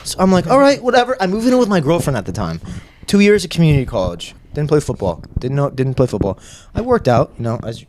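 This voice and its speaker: Animated young man telling a story. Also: a little high, fast talker, a little hiss or hum. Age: young adult. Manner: animated, self-mocking, acts out quotes. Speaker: podcast guest. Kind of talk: casual storytelling.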